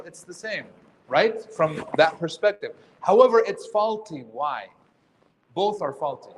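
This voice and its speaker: A man with a slightly higher voice teaches a live workshop, talking casually and putting questions to his audience. He slips in jokes between his points. A faint noise sits underneath him. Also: expressive, unhurried. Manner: conversational, quizzes the audience, jokes. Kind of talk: interactive workshop lecture.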